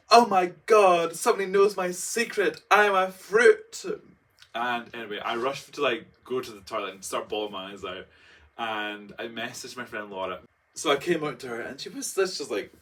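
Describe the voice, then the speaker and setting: A man's voice: mid-range voice, a bit bright. A young man telling a personal story in a chatty, dramatic vlog style, full of fillers and acted-out quotes. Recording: voice a bit far from the mic.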